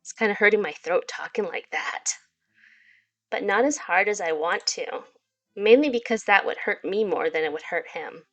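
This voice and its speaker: A woman's voice: medium pitch, moderate pace, fairly bright tone. A woman hosting a gaming channel, making chatty, giggly asides while she plays through a story game. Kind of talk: casual gameplay commentary.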